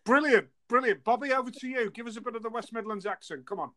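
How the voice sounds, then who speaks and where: A man's voice: extremely high pitch, quick pace, a bit bright. A man hosting a casual chat on a video call, upbeat and egging his guests on. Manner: upbeat, eggs others on. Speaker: host.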